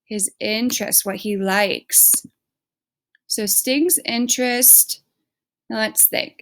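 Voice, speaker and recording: Woman teacher, higher voice, slow and patient classroom delivery. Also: steady tone, a bit bright. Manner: slow, clear, patient explanation to children. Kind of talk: reading aloud and classroom instruction.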